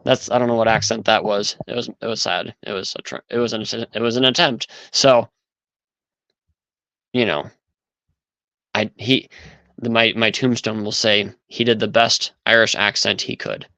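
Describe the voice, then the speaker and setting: A man's voice: on the low side, fairly even intonation, normal speed, long pauses, pushed and bright, dry recording, poor audio. A man hosting a livestream in casual chat, talking aloud as he sets things up. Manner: chatty, thinks aloud while setting up. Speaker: livestream host.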